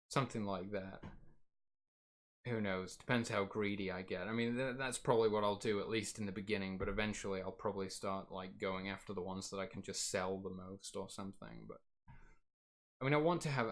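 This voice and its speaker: Guy streamer rambling about his plans, kinda low voice, lots of restarts, voice getting tired. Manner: rambling, self-correcting, casual swearing. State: voice getting worn. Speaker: game streamer. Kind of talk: casual rambling chat.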